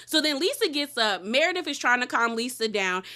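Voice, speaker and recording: A woman recaps a reality show episode in a casual, slangy way, animated and emphatic. Her voice sits a little high and sounds bright and forceful. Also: fairly quick.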